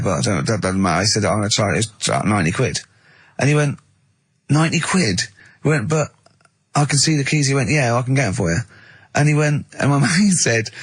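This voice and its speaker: A man's voice: medium pitch, husky, no room sound. A man co-hosting a radio show, telling rambling anecdotes in casual banter and acting out the people he quotes. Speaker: radio co-host. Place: radio studio.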